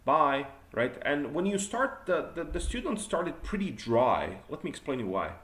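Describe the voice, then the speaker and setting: A man's voice: fairly high pitch, huge pitch swings, moderate pace, echoey room. A man teaching an exam prep class, reviewing student answers and showing how to phrase them better. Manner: corrective, demonstrates better phrasing.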